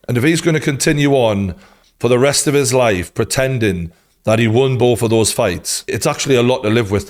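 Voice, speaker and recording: A man with a Geordie accent giving a blunt, sweary, passionate boxing reaction monologue as host. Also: medium pitch. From North East England. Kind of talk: casual opinionated reaction monologue.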